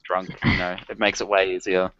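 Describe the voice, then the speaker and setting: Low-voiced Australian man chatting. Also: flat delivery, a little fast, crowd noise. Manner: joking, laughs often. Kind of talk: casual group chat. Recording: dull lo-fi voice chat audio with faint noise.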